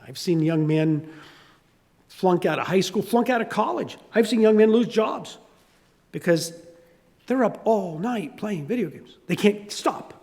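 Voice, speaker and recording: Animated older Southern preacher, lively pitch. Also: male voice, measured pace, long reverb tail. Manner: animated storytelling, acting out voices. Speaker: pastor. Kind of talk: sermon.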